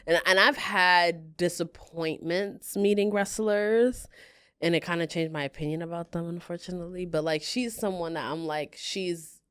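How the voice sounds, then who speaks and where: A young woman co-hosting a casual podcast chat, chatty and quick to laugh as she recounts encounters. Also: on the low side, a bit bright, smooth. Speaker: podcast co-host.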